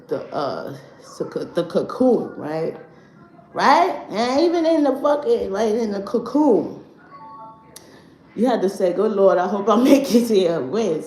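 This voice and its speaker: Brief: woman livestream host, loose, swearing, animated, roomy echo, faint hiss. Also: sits low. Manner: animated, profane, laughing often. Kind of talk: casual spiritual livestream talk. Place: home. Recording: echoey room, faint background noise.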